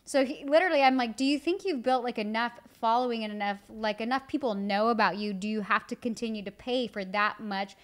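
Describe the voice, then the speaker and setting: A woman in her thirties talks candidly on a married-couple podcast. Her voice sits fairly high, and she tells her stories in a loose, chatty way, stringing them together with "like" and "um". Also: brisk, hardly any pauses. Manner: chatty storytelling with many "like" fillers. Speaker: co-host, wife of the other host.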